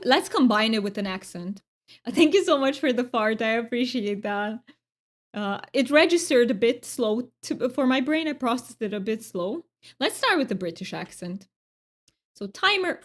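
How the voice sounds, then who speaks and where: A woman streamer talks casually to her viewers as she draws, her voice sitting a little high. She keeps breaking off mid-sentence and repeating herself, scattered and chatty. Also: lively intonation, normal speed. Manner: scattered and self-interrupting, repeats words often. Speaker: live streamer. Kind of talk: casual live-stream chat while drawing.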